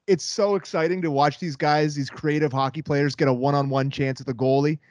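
A man co-hosting a sports podcast in casual chat, enthusiastic and quick to laugh. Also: a little high, fairly even intonation, a little mellow, dry recording.

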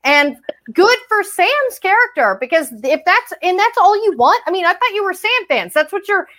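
High-voiced woman ranting hotly. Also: big pitch swings, moderate pace, fairly bright tone. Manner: heated, profane, sarcastic rant. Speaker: podcast co-host. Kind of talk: ranting fan podcast chat.

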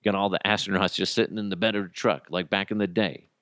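A man in his thirties hosting a podcast, ranting crudely and comically with sudden jumps in pitch. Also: fairly even intonation, fast, fairly bright tone, no room sound, clean studio sound. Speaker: podcast host. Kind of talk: casual comedic monologue.

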